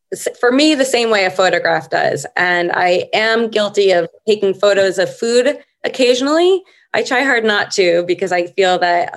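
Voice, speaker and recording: A middle-aged woman with a voice on the low side appears as a podcast guest. In a casual interview, she tells stories at an unhurried, reflective pace.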